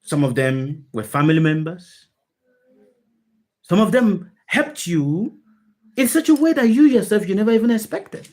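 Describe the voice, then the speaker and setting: An expressive woman with a mid-range, somewhat mellow voice leads an online spiritual session by video call. She takes her time and pauses often, while still speaking emphatically, questioning her audience rhetorically and repeating her central phrases.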